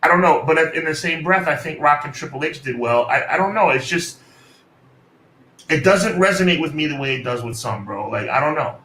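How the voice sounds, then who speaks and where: A man's voice: a little high, animated, brisk, bright, forceful tone. A man co-hosting a casual wrestling podcast, laid-back and playfully contrarian. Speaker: podcast co-host. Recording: echoey room with faint noise.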